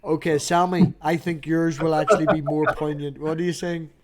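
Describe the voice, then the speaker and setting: A man's voice: a little high, level tone, a little fast, a loud crowd. A man from the UK hosting a casual group chat, joking and teasing his guests. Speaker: podcast host.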